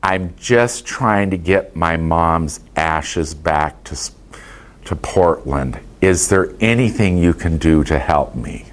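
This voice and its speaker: A man quoting a quiet, polite woman traveler. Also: on the low side, normal speed, lightly acted. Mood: pleading. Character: calm, grieving woman traveler.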